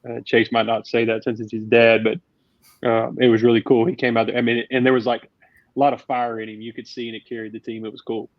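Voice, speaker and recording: A man, a youth baseball coach, talking in casual, rambling chat with halting restarts. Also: mid-range voice, little pitch movement, dry recording. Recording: dull dry sound.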